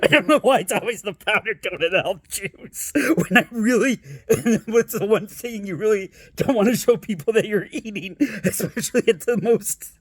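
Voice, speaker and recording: A man's voice: sits high, normal speed, slightly rough, no room sound, clean studio sound. A man telling a rambling family story in a casual way, laughing often as he talks. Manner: lively and animated.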